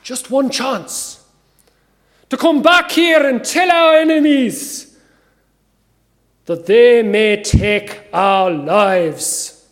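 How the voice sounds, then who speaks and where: A man putting on a Scottish accent to play a warrior chief giving a slow, rallying battle speech in a church. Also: very high-pitched, heavily acted. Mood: rousing. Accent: put-on Scottish. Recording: long reverb of a large church.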